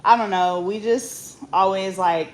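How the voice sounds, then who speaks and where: Casual girl talking to her viewers, slangy and joking, mid-pitched voice, steady background noise. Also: measured pace. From Bay Area, California. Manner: loose, slangy and joking, with bursts of loud scolding. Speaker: vlogger. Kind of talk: casual chat.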